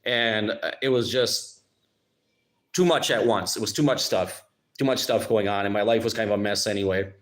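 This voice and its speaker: A man's voice: fairly low pitch, a bit bright. A man from Minnesota, hosting his channel in a rambling, sarcastic live-stream chat. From Minnesota, United States. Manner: rambling, halting, with many restarts and sarcastic asides. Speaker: YouTube channel host.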